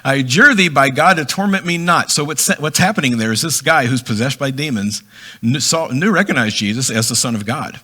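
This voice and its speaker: A man's voice: mid-range voice, animated, a little fast, sharp tone. A middle-aged man teaching from the Bible in a casual, conversational way, reading verses and then explaining them with asides. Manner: reads scripture then explains it in a chatty way, acting out voices with laughs. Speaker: preacher.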